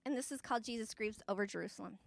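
A woman with a high voice teaches a Bible passage in a relaxed, conversational way. She talks chattily, with fillers and tag questions, and laughs lightly as she explains. Her voice sounds close and dry. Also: racing, gravelly, no echo. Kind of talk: casual Bible lesson.

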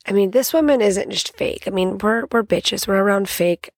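A woman's voice: mid-range voice, normal speed. A woman hosting a podcast, ranting candidly and profanely in casual talk and acting out quotes as she tells stories. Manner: storytelling with acted quotes. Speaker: podcast host.

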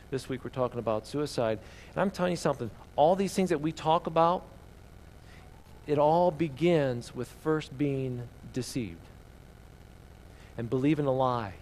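A man's voice: mid-range voice, a little mellow, slight background noise. A man preaching a sermon as pastor, emphatic and full of rhetorical questions to the congregation.

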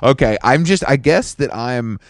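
A man's voice: medium pitch, animated, moderate pace, no room sound, studio quality. A man co-hosting a podcast in casual chat, laid-back, laughing often and restarting his sentences. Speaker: podcast co-host.

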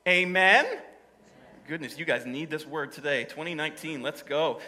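A man's voice: a little high, moderate pace, sharp tone, rough recording. A man preaching a sermon to his congregation, telling stories in a humorous, conversational way. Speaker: pastor. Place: church service before a congregation.

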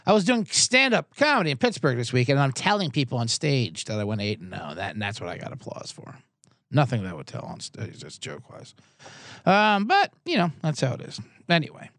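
A man hosting a podcast in a casual comedic rant, exasperated and sarcastic, rambling with quick asides. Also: medium pitch, huge pitch swings, a bit bright, dry recording, studio quality. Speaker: podcast host.

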